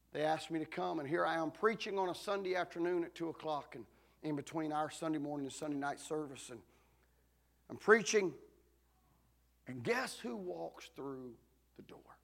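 Gravelly preacher telling a dramatic story. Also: male voice, on the high side, normal speed. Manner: dramatic storytelling, swinging from shouts to hushed tones. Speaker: pastor. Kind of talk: sermon.

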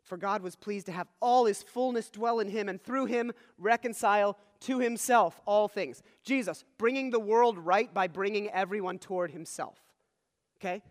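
A man's voice: high voice, normal speed. A man preaching a sermon as pastor, teaching earnestly and checking in with the listeners. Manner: earnest teaching, frequent "all right?" check-ins. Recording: long hall reverb.

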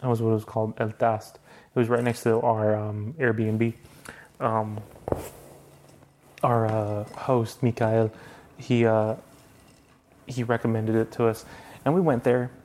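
A man's voice: fairly low pitch, flat delivery, measured pace, pauses often, dark tone. A young married man hosting a podcast, telling stories in casual chat, laughing often and swearing freely. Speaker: podcast host.

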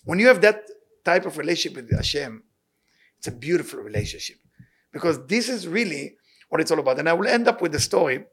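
A man giving an impassioned sermon and telling a story, repeating his key words and speaking loose, halting English. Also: on the high side, husky. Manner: loose, halting non-native English grammar. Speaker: rabbi giving weekly inspiration.

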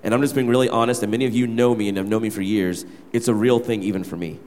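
A man's voice: lowish voice, fairly even intonation, fast, darkish tone. A young man, a worship leader, candidly telling a personal story to his church gathering. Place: church hall. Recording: reverberant hall.

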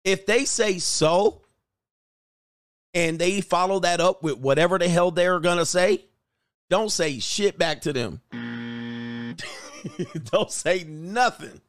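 A man's voice: high-pitched, slow pace, pauses often, a bit bright. A man coaching on dating in casual livestream commentary, crude and joking, laughing often as he talks.

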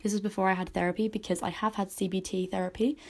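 A woman's voice: mid-range voice, flat delivery, fast. A woman in her twenties hosting a personal podcast, speaking candidly and emotionally, at times choked up. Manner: candid, emotional, speaks in run-on spoken sentences with many likes. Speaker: podcast host.

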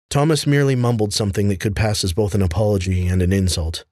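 A man reading fantasy fiction aloud in a measured, even storytelling manner. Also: on the low side, dry recording, studio quality. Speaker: audiobook narrator. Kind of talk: scripted fantasy narration.

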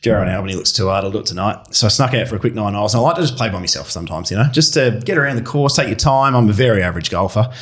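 Aussie racing tipster guy, rapid casual chat, deep-ish voice, swears a bit. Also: animated, fairly bright tone. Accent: Australian. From Western Australia. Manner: blokey, swears freely, tells stories with put-on voices. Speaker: racing podcast co-host and tipster.

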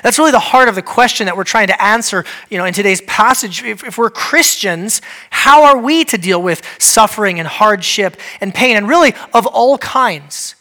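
Lively high-voiced male pastor preaching. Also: normal speed. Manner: humorous, acts out quoted voices; conversational with many fillers. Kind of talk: sermon. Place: church service.

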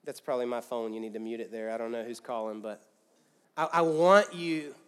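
A man preaching a sermon as pastor, swinging from loud, pressing emphasis down to quiet, soft lines. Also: medium pitch, brisk, clean tone. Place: church auditorium with a congregation.

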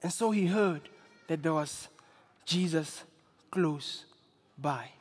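A man preaching a sermon with impassioned delivery, building to shouts and repeating phrases for effect. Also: a little high, takes it slowly, slightly rough. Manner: impassioned, rising to shouts, dramatic repetition. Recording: long reverb of a large hall.

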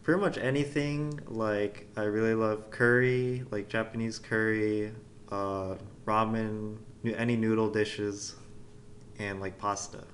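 A modest podcast guest with a voice a little lower than most men. He speaks hesitantly and trails off, with a faint hiss behind him. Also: steady tone, measured pace. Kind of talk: casual podcast chat.

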